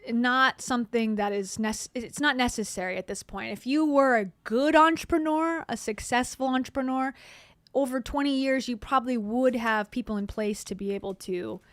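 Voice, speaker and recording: A woman's voice: fairly high pitch, normal speed, no echo. A woman hosting a casual commentary, talking wryly and sarcastically about video clips. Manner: sarcastic, wry asides. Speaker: commentary host.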